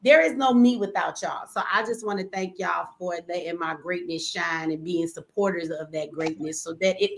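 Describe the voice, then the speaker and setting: A woman's voice: on the low side, low-quality recording. Blunt, profane woman hosting a live stream. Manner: blunt and profane, swings loud when scolding. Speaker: host of a live call-in show. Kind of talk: casual live-stream chat.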